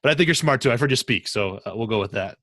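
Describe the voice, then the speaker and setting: A man's voice: medium pitch, animated, fast, fairly bright tone, no echo. A man from Michigan hosting a podcast interview, laughing often and keeping it friendly. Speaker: podcast host. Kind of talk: casual interview chat.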